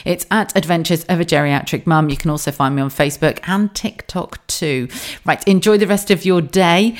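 A woman in her forties hosting her own podcast, talking frankly and swearing freely, laughing easily as she chats. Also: sits low. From United Kingdom. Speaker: podcast host. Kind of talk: solo podcast monologue.

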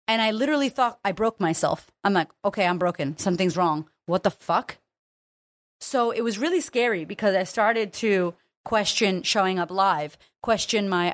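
A woman's voice: medium pitch, dry recording. A woman hosting her own podcast as a confidence coach, talking frankly and emotionally and swearing freely. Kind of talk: candid solo podcast monologue.

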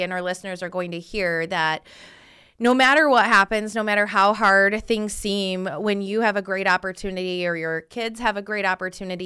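A woman's voice: mid-range voice, sharp tone, smooth. A woman hosting a podcast, chatting casually and encouragingly with her guest. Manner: encouraging, chimes in often. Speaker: podcast host.

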